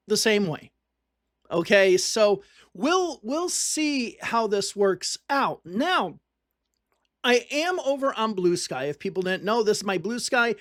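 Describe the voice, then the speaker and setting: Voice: mid-range voice, fairly bright tone, dry recording. Dry-voiced casual political commentator. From northern United States. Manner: conversational, reads on-screen text aloud and repeats points for emphasis.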